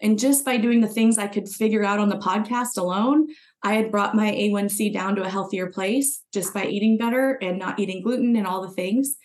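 Her voice sits at medium pitch, brisk and a little mellow. As a former client invited onto a podcast, she earnestly walks through her own experience in conversation, voicing the thoughts she had back then.

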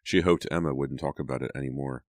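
A man narrating a teen horror audiobook in a steady, dramatic storytelling manner. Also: extremely low pitch, quick pace, dry recording.

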